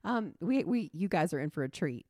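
A chatty woman hosts a podcast with her sister, her fairly low voice swinging widely as she teases and giggles. The sound is dry and close, with a little music behind her. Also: animated, moderate pace, a little mellow, no room sound. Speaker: podcast host. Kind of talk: casual chat. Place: living room.

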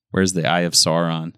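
A man's voice: low-pitched, pushed and bright, clean tone, no echo, studio quality. A man co-hosting a podcast, chatting casually and animatedly as he watches a movie, exclaiming and griping. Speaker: podcast co-host.

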